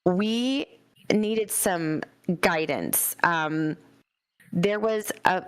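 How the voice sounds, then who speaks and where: A woman's voice: fairly low pitch, drawn-out words, clean tone. Woman playing a hesitant, polite adventurer. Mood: earnest.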